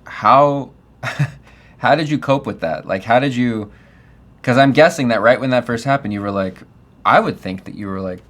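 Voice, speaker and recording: A man's voice: mid-range voice, moderate pace, fairly bright tone, slight background noise. A middle-aged man hosting a casual interview, affirming his guest and reflecting on faith and family. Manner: affirming, frequent "yeah", reflective. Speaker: podcast host.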